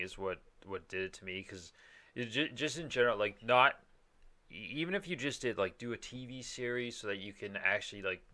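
Man, casual chat, bright forceful tone, slightly low, rambling, restarts, swearing.

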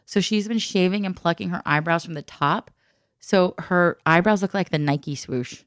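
A woman with a notably low voice chats and tells stories with plenty of laughter, acting out everyone she quotes. Her sound is dry and close, with no room around it. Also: normal speed, no echo. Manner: chatty storyteller, laughs often, acts out quotes. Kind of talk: casual chat.

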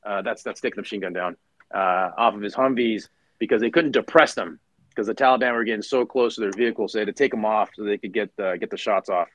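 This former Marine officer, a man in his forties, is an animated storyteller who performs the voices of characters in his anecdotes during a casual interview. He speaks fast in a lowish register, and the recording is rough with no room sound.

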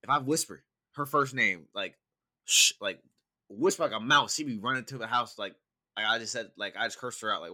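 A man's voice: fairly low pitch, fairly quick, pushed and bright. A young man from California in casual chat, telling laid-back, profane stories full of fillers.

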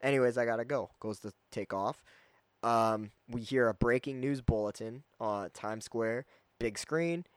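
A man giving a casual, rambling movie review, full of fillers and quick acted-out quotes. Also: on the low side, clear, resonant tone, dry recording. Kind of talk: casual spoken film review.

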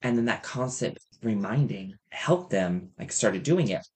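A man who teaches kindergarten, talking with fellow teachers in a casual chat and speaking loudly and exuberantly. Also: fairly low pitch, a little slow. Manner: excitable, loud and exuberant.

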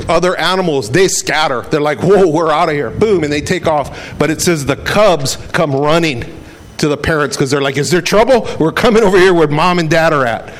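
A man's voice: a little high, a little hiss or hum. A middle-aged man preaching a sermon in a conversational way, acting out quotes as he goes. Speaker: pastor.

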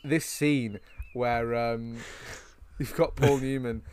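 A man's voice: medium pitch, slow pace, slight background noise. A man co-hosting a film podcast, animatedly retelling scenes in casual chat. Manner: animated storyteller, recounting scenes. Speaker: podcast co-host.

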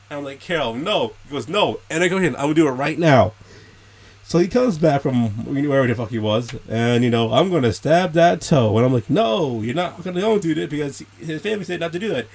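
Animated young man telling a story. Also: a little high, normal speed. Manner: animated, swearing, acts out quotes. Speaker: host answering questions. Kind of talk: casual storytelling.

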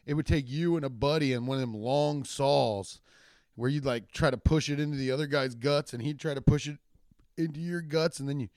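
A man's voice: medium pitch, fairly quick, a little mellow, no echo, clean studio sound. A man doing a loose, crude comedy monologue, swearing often and laughing at his own jokes. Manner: trails off and restarts a lot.

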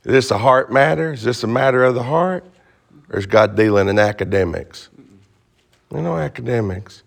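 A man's voice: mid-range voice, moderate pace, gravelly. A man teaching an interactive Bible class, joking and asking the class questions.

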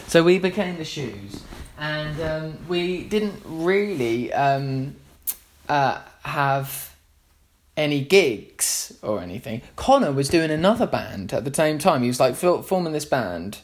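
A man's voice: fairly high pitch, lively intonation, measured pace. A man, a musician, telling a long casual anecdote in a rambling way, full of fillers and restarts.

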